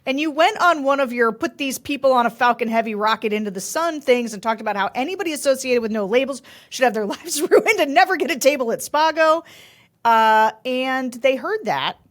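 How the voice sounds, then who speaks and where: Woman podcast co-host, slightly high and very lively voice, chatty animated storyteller. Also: brisk. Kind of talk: casual political chat.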